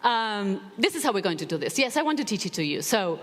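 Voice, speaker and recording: A woman's voice: medium pitch, fast, heavy background noise. A woman motivational speaker telling a personal story to an audience, acting out the voices in it. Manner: animated, acts out quoted voices. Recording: long hall reverb.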